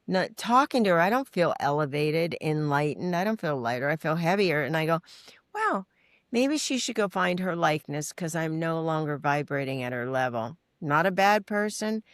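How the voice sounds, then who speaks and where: A middle-aged woman, a guest in a podcast interview, telling frank stories with animated acted-out voices and casual swearing. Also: low voice, moderate pace, no echo, clean studio sound. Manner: animated storytelling, acting out quoted voices. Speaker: guest, recovery mentor and author. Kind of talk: candid interview conversation.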